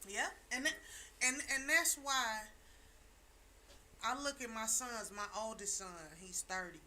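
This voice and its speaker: A woman's voice: fairly high pitch, lively intonation, unhurried, bright, forceful tone, a little hiss or hum. A middle-aged woman talking on a chat show, telling her story emphatically and repeating her key lines like a preacher. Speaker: talk show panelist. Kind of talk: casual chat.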